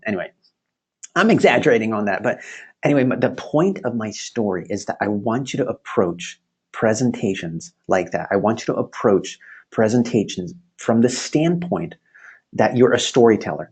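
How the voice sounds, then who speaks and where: A male instructor giving a virtual class, telling a story in an animated, chatty way and laughing often, over a video call. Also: lowish voice, slightly rough.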